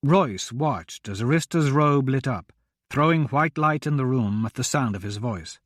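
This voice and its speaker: A man narrating a fantasy audiobook in a measured, expressive reading. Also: mid-range voice, no echo, studio quality.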